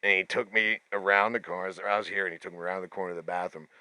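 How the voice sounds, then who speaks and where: A man hosting a podcast, telling profane stories in a casual, animated way and acting out the voices of the people in them. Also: deep voice, racing, clean tone, dry recording. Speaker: podcast host. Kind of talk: casual storytelling.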